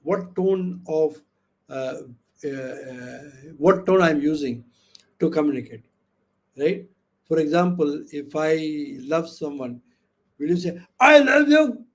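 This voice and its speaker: Speaking slowly in a voice on the high side, this man leads an interactive online lecture as a webinar trainer, heard through a video call mic. He peppers listeners with questions, leans on "okay" and "you know," and performs quoted lines with animated voices.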